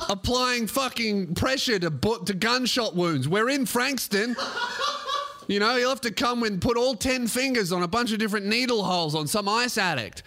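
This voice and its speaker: A man's voice: high-pitched, bright, forceful tone. A man with an Australian accent, a podcast host telling a comic story as a profane, mock-outraged rant.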